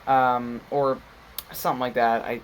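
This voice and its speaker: A man's voice: medium pitch, level tone, measured pace, slight background noise. A young man co-hosting a casual podcast, rambling through a story and mimicking people in a raised voice. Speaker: podcast co-host. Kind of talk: casual chat.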